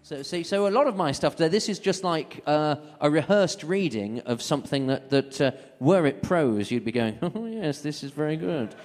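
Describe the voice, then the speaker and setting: A man's voice: a little high, animated, normal speed, few pauses, soft background music. A man doing stand-up banter on stage, rambling, self-mocking and sweary. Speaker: comedian hosting a gig. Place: comedy club stage. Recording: live room with long reverb.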